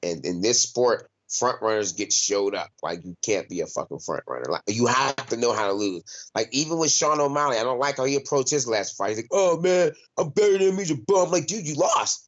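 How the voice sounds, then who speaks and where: A young man talks bluntly in a casual interview, swearing freely and leaning on "like" as he restarts his sentences. His voice sits at an ordinary middle pitch. The recording is dull and lo-fi. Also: lively intonation, brisk, hardly any pauses, a bit bright. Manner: blunt and profane, heavy use of "like", frequent restarts. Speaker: fighter, interview guest. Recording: dull, lo-fi sound.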